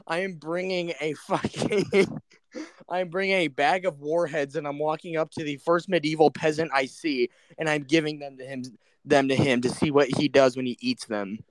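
A man's voice: a little high, steady tone, normal speed, no room sound. A young man in casual chat, joking and swearing freely, laughing along.

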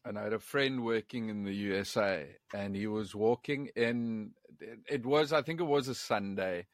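A man with a South African accent, chatting casually as a podcast guest and telling lively, profane stories with frequent restarts. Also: lowish voice, moderate pace. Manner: lively, profane, repeats words at the starts of phrases. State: living abroad in England. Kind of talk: casual storytelling chat.

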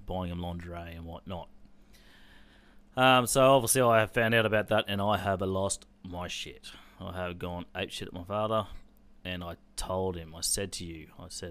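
A man telling a personal family story in a candid, casual way, swearing freely and acting out the dialogue. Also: deep voice.

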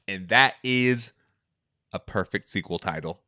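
Man, podcast co-host, casual movie chat, emphatic, bouncy pitch, dry sound. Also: slow pace, no echo. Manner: animated, emphatic, laughs often.

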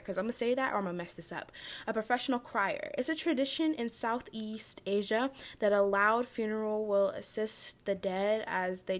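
A young woman talks to her camera in a loose, chatty vlog style. She reads bits aloud and then riffs on them with lots of fillers. She stumbles over words and restarts without much fuss. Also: mid-range voice. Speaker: vlogger. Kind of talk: casual vlog, reading a list aloud.

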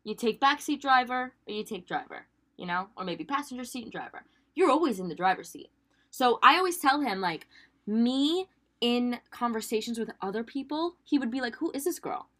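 Brief: podcast co-host woman, teasing, casual, slightly high voice. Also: animated, normal speed, a bit bright. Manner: teasing, chatty, says "like" often. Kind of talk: casual chat.

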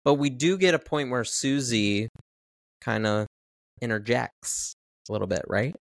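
A man co-hosting a podcast in casual chat about a film, relaxed and full of fillers. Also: mid-range voice, unhurried, vocal fry, no room sound, clean studio sound. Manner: relaxed, many fillers like "um" and "you know". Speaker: podcast co-host.

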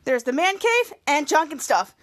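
Woman podcast host with a high voice, casual and halting as she narrates scene by scene. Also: big pitch swings, fairly bright tone. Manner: halting, repeats words and restarts while narrating scenes. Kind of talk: casual episode recap.

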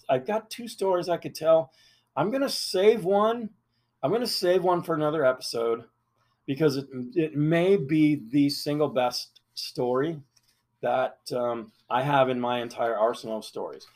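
A man's voice: a little high, a little mellow. A middle-aged man hosting a podcast, telling a long story in a rambling, casual way, full of fillers and restarts. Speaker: podcast host.

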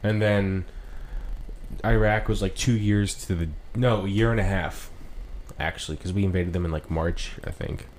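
A man's voice: low voice, steady tone, moderate pace, a little mellow. A man chatting casually as a podcast co-host, rambling with lots of fillers and mocking quotes. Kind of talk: casual chat. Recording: faint background hiss.

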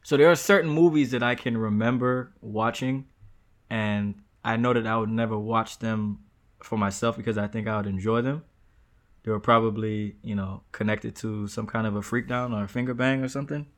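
A man's voice: on the low side, fairly even intonation, normal speed. A man in a casual podcast conversation, speaking in a laid-back, blunt, slangy way.

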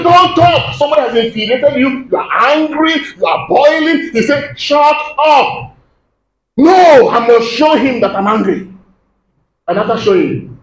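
High-voiced preacher in an echoey church. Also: male voice. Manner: emphatic preaching, calls to the congregation. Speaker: pastor. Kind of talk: sermon. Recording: echoey room with faint background hum.

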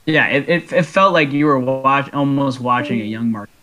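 A young man co-hosting a casual podcast, telling stories excitedly and laughing as he goes. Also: mid-range voice, moderate pace. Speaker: podcast co-host. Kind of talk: casual chat.

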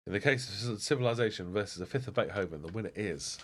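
This man talks fast in a lowish voice. He's indoors at home, co-hosting a podcast in a casual, rambling way and laughing as he acts out stories.

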